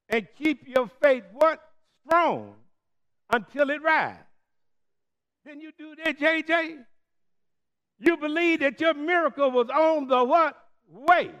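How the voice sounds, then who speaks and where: High-voiced preacher, slow call-and-response. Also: male voice, fairly bright tone. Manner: calls questions for the congregation to answer, stretches key words. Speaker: Methodist preacher.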